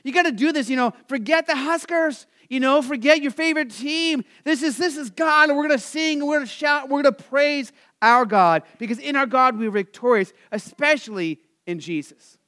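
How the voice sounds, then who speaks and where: A man, a Lutheran pastor, preaching a sermon in a conversational way, with lots of "you know" asides, and lifting into energetic emphasis. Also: very high voice, a little fast, few pauses. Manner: rises to excited, energetic emphasis.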